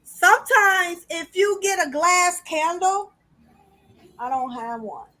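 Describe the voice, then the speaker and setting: A high, bright woman hosting a spiritual podcast in an animated, chatty way. She talks straight to her listeners and calls them y'all. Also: takes it slowly. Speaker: podcast host. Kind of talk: casual spiritual podcast talk.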